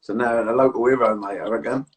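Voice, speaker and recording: A man hosting a relaxed chat, asking easy questions with a husky voice. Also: medium pitch, quick pace, far from the mic. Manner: laid-back, laughing, friendly questions. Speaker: host. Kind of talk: casual chat.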